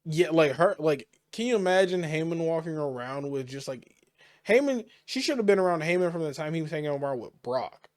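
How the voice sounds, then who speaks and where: A man's voice: a little high, lively intonation, brisk, darkish tone, no room sound, clean studio sound. A man co-hosting a podcast, chatting casually about wrestling, rambling with lots of fillers and restarts. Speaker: podcast co-host.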